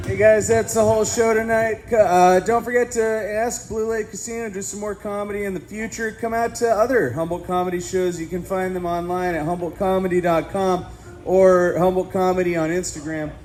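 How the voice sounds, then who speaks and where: High flat-voiced host wrapping up. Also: male voice, normal speed, a little hiss or hum. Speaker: show host. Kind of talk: closing announcements.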